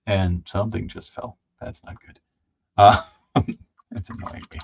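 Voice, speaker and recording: A man chatting casually while painting a toy figure on a livestream, laughing and lively as he tells stories. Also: unhurried, creaky, breathy edge. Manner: animated, laughing, jumps into high excited voices when telling stories. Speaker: co-host of a toy customizing livestream. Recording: slightly dull lo-fi stream audio.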